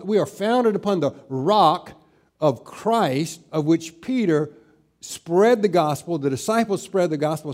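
A middle-aged man preaches a sermon as a pastor. His voice sits a little high for a man. He slows down and lifts his pitch and volume when he drives a scripture point home. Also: a little mellow.

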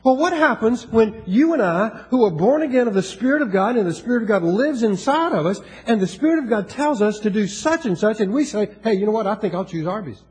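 A man's voice: very high-pitched, animated, fairly quick, hardly any pauses, darkish tone. A man with a Southern US accent preaching a sermon in a folksy way, with joking asides and rising emphasis. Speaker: pastor.

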